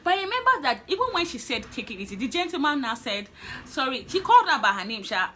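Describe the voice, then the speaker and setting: A young woman with a Nigerian accent tells a personal story to her vlog camera. Her voice is bright and sits a little high, and she talks animatedly, laughing and playing out her own thoughts. Faint ambient noise sits behind her. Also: lively intonation, brisk. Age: young adult. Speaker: vlogger.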